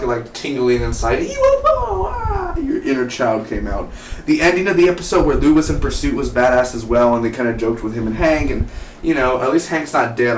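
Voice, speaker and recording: A man casually reviewing a TV episode, rambling and enthusiastic, with lots of fillers and "dude" and "man". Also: medium pitch. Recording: roomy echo from far off the mic, light hiss.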